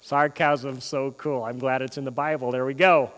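A male pastor preaching a sermon, swinging between loud, emphatic runs and quiet, joking asides. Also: medium pitch, steady tone, normal speed. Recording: long reverb of a large hall.

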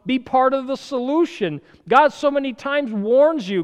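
Male preacher, lively sermon delivery, loud bursts and soft asides, smooth voice, hall echo. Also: very high-pitched, unhurried, hardly any pauses, muffled recording. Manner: animated, swinging between loud urgent bursts and quiet asides, chuckling.

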